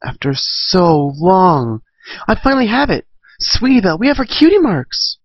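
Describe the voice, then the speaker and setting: A man voicing an eager young filly who talks in a high, excited, pleading way. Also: normal speed, dry recording, lo-fi sound. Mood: thrilled.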